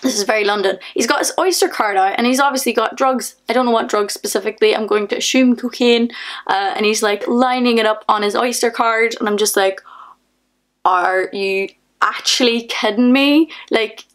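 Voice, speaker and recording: A young woman with a Northern Irish accent, telling a story in a casual, animated vlog with lots of fillers. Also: fairly high pitch, fairly quick. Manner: chatty, animated, many fillers, laughs often. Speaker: vlogger.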